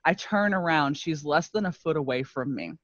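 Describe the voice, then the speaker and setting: Animated laughing woman, muffled dry mic. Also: sits low, normal speed, dry recording. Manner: animated, self-mocking, laughs often. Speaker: podcast co-host. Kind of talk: casual storytelling chat.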